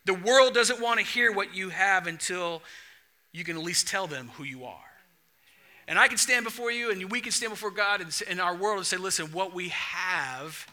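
Young male pastor, high bright voice, animated storyteller in the pulpit. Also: normal speed. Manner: animated storytelling, acts out dialogue. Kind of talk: sermon.

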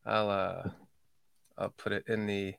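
A man's voice: on the low side, level tone, slow pace, gravelly, a bit bright, smooth, no room sound. A man hosting a podcast livestream in casual chat, rambling, swearing and laughing at his own slips. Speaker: podcast host.

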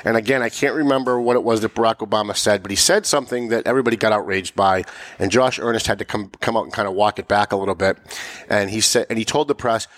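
A man's voice: lowish voice, quick pace, no echo. A man hosting a political talk show, emphatic and pushing his voice up sharply when making a point. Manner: emphatic, rising to sharp mocking peaks. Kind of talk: political commentary chat.

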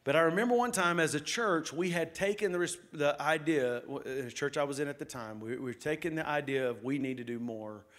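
Fervent pastor preaching. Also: male voice, fairly high pitch, fairly quick, hardly any pauses, fairly bright tone. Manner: conversational preaching, rising to exhortation. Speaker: lead pastor. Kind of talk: sermon. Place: church sanctuary.

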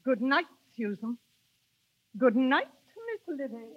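A woman's voice: sits high, sing-song, takes it slowly, dry recording, heavily acted. A woman voicing a prim, inquisitive older spinster lady with stiff, formal manners in an old radio drama. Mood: prying. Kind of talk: 1930s radio drama acting. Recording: dull old radio recording.

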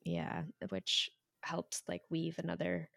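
A woman in a casual chat, agreeable and halting, with many fillers. Her voice sits low for a woman and has a lot of fry and gravel. The recording is close and dry. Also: big pitch swings, fairly bright tone, no echo.

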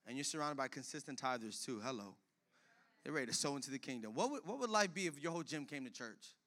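A young man preaching as pastor, animated and slangy, acting out little everyday scenes. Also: medium pitch, fast talker. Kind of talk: energetic sermon.

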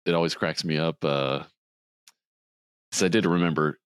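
Clean and dry, the recording captures a man at normal speed with fairly even intonation, co-hosting a podcast and casually recapping a film. He retells the scenes, putting on a higher, raised voice to act out the characters' quotes.

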